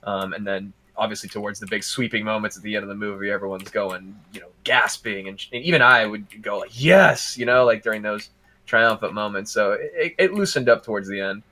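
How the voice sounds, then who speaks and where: Man, podcast storyteller, bright forward tone, animated, laughs easily. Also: fairly low pitch, brisk. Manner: animated, laughs through his own anecdotes. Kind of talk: casual storytelling.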